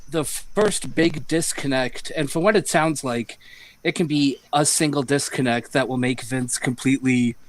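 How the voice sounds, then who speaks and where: A man joins a casual wrestling podcast chat at mid pitch. He speaks hesitantly and fills his sentences with ums and uhs. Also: normal speed, low-quality recording. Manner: hesitant, with many fillers. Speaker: podcast co-host.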